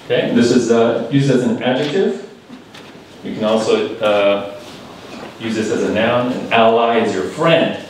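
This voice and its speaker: A man's voice: medium pitch, a little slow, a little hiss or hum. Man, language evaluator, teacherly and patient, distant mic in a reverberant room. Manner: patient and teacherly, explains phrases and leads the room in repeating words. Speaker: language evaluator at a speaking club. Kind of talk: live spoken feedback to club members. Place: large echoey meeting room.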